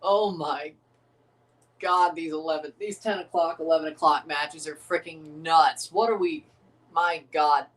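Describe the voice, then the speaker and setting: A man hosts a livestream and loosely reacts to a football match, frequently laughing, swearing, and noting the match minutes as casual watchalong commentary. Recorded from a distance, his voice is on the high side and a bit bright, with a steady tone and measured pace.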